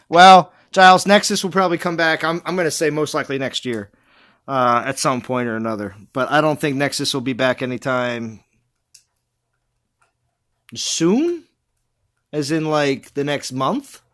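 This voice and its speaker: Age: adult. Sex: man. Role: game streamer. Style: casual live-stream chat. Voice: bright, chatty, laughs a lot. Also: on the high side, expressive, unhurried, pauses often. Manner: chatty, laughs often, reads out viewer comments.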